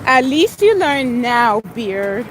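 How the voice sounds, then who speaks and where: A woman's voice: fairly high pitch, big pitch swings, slow, a little hiss or hum, poor audio. A young adult woman telling a story in a blunt, sassy way during a casual livestream chat. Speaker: vlogger. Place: outdoors.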